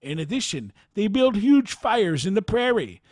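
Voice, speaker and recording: A man narrating a near-death experience account in a formal, measured reading style. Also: sits high, big pitch swings, no room sound, studio quality.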